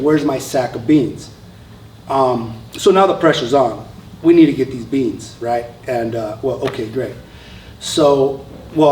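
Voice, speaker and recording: A man's voice: mid-range voice, darkish tone, slight background noise. Veteran man telling a story on stage. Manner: conversational, with frequent fillers and restarts. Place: stage at a live showcase. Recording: roomy sound from a distant mic.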